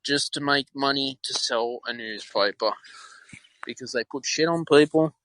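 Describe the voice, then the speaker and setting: A man's voice: mid-range voice, normal speed, fairly bright tone, dry recording, poor audio. Australian man, podcast host, frustrated rant, repeats himself, dry close sound. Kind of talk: solo opinion talk.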